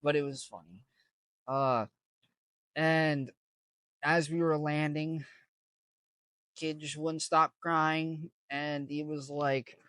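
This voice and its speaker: Young guy rambling through a story, slow and kinda high voice, lots of likes, dry close mic. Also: level tone, a bit bright, clean tone, dry recording. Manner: rambling, filler-heavy with frequent restarts. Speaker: vlogger. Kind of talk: casual storytelling.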